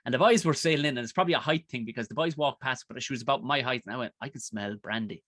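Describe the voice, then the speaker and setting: Irish male comedian, mid-pitched, bright forceful tone, rambling story told loose and casual, dry close sound. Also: racing, no echo. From Ireland. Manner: rambling, animated, swears freely. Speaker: podcast guest, comedian.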